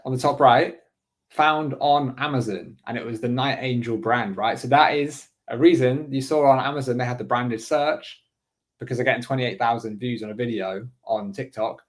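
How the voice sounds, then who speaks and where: A man at an ordinary mid pitch talks viewers through a casual screen-share walkthrough. He thinks aloud as he goes, chatty and informal. He checks in often with quick "right?" asides. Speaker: online business coach.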